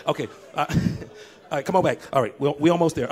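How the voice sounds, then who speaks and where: A man preaches a sermon. He swings from soft, low asides to loud, shouted lines and laughs along with the congregation. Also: fairly quick. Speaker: pastor.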